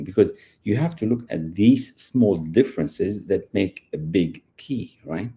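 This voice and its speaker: Low, dark-voiced motivational speaker. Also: male voice, lively intonation, measured pace, hardly any pauses. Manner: earnest, repetitive, addresses listener directly. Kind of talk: motivational talk.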